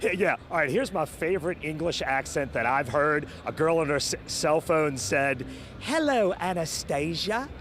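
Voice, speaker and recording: A man's voice: on the high side, moderate pace, hardly any pauses, a bit bright, faint music behind. A man giving a lighthearted live sports report from outside a stadium. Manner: laughing, lighthearted. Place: outdoors at a stadium.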